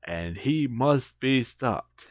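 A man voicing a wise ancient male spirit who speaks low, hushed and solemn. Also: lively intonation, drawn-out words, no echo, clean studio sound.

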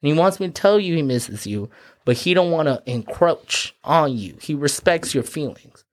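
A man voicing a sassy, gossiping female hare in a high, drawling voice. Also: expressive, normal speed, lightly acted.

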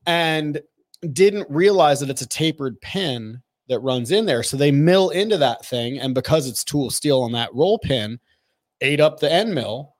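A man on a podcast telling stories in a casual, animated way, swearing now and then and acting out what people said. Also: on the high side, a little slow. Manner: animated, profane, quotes people in their voices. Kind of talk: casual storytelling chat.

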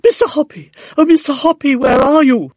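A man putting on a shrill gushing lady. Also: wildly swooping pitch, unhurried, slightly rough, no echo, studio quality, exaggerated voice. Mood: shrill excited. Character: excited elderly woman, gushing and shrill. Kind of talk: storybook reading.

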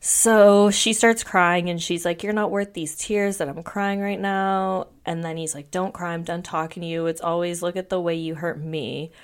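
Snarky woman podcast host, lowish voice. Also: clear, resonant tone. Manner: snarky, filler-heavy storytelling. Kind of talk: casual recap chat.

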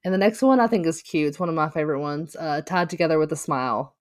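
A woman co-hosting a casual podcast, relaxed and agreeable, talking with plenty of fillers. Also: low-pitched, fast talker, no echo, studio quality. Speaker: podcast co-host, teacher.

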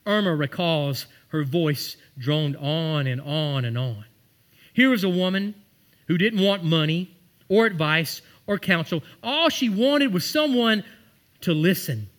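Pastor guy preaching, high bright voice, storytelling, gets loud and emphatic on the scripture bits. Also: expressive, unhurried. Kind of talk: sermon.

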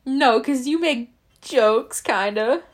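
A woman's voice: sits high, slow pace. A woman in her late teens chatting casually with a friend on a podcast, teasing her and telling stories animatedly. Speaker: podcast co-host. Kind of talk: casual chat.

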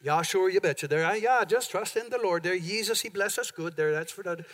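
This is a laid-back, drawling churchgoer with a folksy ease to every word, as a pastor slips him in mid-sermon. He sits a touch lower than the preacher's own voice yet keeps its bright, high ring. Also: fairly quick.

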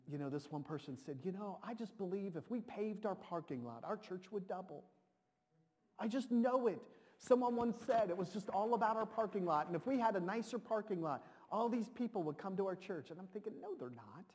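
Male preacher, high pitch, animated and repetitive delivery, reverberant sanctuary. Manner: animated, repeats words, shouts to dramatize. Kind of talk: sermon. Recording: long reverb of a large hall.

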